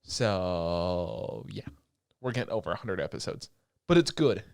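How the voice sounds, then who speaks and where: A young man co-hosting a podcast, recapping anime in a rambling, excitable way with lots of filler words and swearing. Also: low voice, measured pace, clean tone, no echo, studio quality. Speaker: podcast co-host. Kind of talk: casual chat recapping anime episodes.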